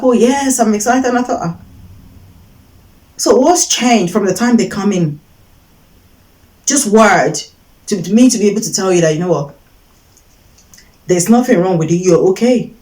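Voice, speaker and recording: A woman's voice: mid-range voice, darkish tone, low-quality recording. A woman giving an earnest faith-based teaching talk, repeating her points for emphasis and acting out short quoted voices. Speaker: Christian teacher giving advice.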